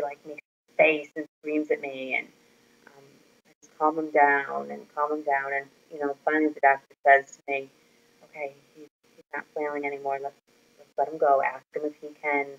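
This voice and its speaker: A mother talking to her camera in a casual vlog, telling a candid, rambling story with plenty of fillers. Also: sits low. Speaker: mother vlogging about her son. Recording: slightly dull lo-fi recording.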